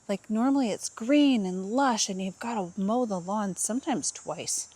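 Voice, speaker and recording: With a medium-pitched, a little mellow voice at a somewhat slow pace, a woman chats while cleaning her home and yard. She's a housewife vlogging on a camera mic, rambling and poking fun at herself.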